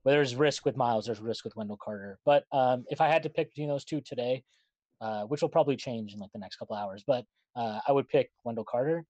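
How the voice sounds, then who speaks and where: A man talks sports in a halting way, leaning on "like" and "uh" as he works through his thoughts. His voice sits at a middle pitch, and the sound is dry and close, with no room echo. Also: a little mellow. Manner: hesitant, full of "like" and "uh". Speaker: podcast co-host. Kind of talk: casual sports chat.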